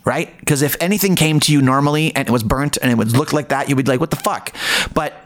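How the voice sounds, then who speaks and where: A man's voice: mid-range voice, quick pace. A man and TV food host, guest in a casual interview, telling rambling anecdotes and laughing often. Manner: rambling storyteller, acts out voices, laughs often.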